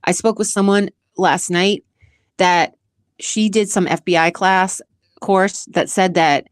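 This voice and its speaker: Slow and steady, a woman with a lowish, clear and resonant voice hosts her own podcast in a dry recording. She rambles casually and earnestly about relationships, emotional and tearful at times.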